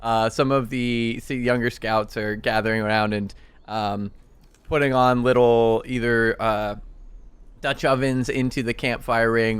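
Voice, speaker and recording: Slow, smooth-voiced game master man. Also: mid-range voice, no room sound. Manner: relaxed, with fillers. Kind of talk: narrating a tabletop game.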